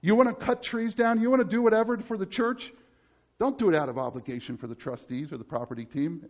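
A male pastor preaching a sermon emphatically, moving between loud urgent passages and low, quiet ones. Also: highs cut off.

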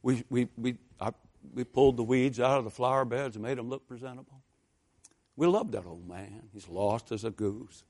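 A man preaching a sermon, telling folksy stories in a conversational way and building to loud, fervent exhortation. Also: medium pitch, normal speed.

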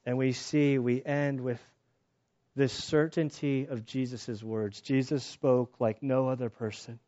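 A man preaching a sermon in a casual, conversational way, telling personal stories and getting animated when excited. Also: mid-range voice, unhurried, lo-fi sound. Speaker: pastor.

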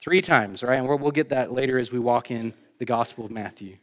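A man preaching a sermon as pastor, talking in a conversational way with joking asides to the congregation, rising for emphasis and then dropping low. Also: brisk.

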